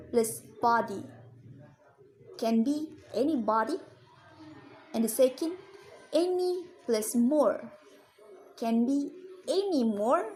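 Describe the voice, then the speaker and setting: Woman with a higher voice reading out a lesson really slowly, says okay a lot, bit of hiss behind. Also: a little mellow, low-quality recording. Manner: slow, careful, with many repeated "okay"s. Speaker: student presenter. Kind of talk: reading a lesson on English word stress.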